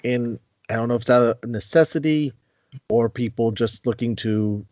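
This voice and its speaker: A man hosts a relaxed podcast interview at a mid pitch, pausing on frequent ums as he talks. His voice is dry with no room sound. The recording is dull and lo-fi. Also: no echo. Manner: hesitant, lots of ums. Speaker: podcast host.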